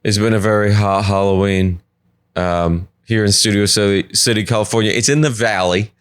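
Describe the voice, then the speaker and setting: A man hosting a solo comedy podcast from his apartment, rambling from joke to joke with quick asides. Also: fairly low pitch, steady tone, smooth, no room sound, clean studio sound. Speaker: podcast host.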